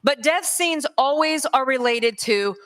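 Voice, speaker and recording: A woman from North Carolina with a Southern accent, giving a lively conference lecture straight to the audience. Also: high voice, unhurried. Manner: lively, addresses the crowd directly. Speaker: conference speaker. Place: large conference hall. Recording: long hall reverb.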